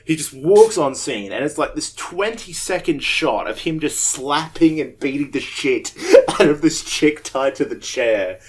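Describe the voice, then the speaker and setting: A man's voice: fairly high pitch, measured pace, few pauses. A young Australian man telling a rambling, profane story on a casual podcast. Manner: rambling and profane, with loud animated quoted voices. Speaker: podcast co-host.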